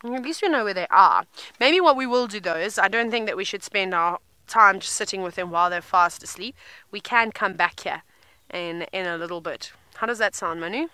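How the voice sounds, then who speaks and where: A woman guide talking viewers through a live safari drive from an open vehicle. Her voice is bright and clear. She chats easily, explaining what she sees and thinking aloud as she goes. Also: medium pitch, brisk, no room sound. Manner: chatty, informative, thinks aloud.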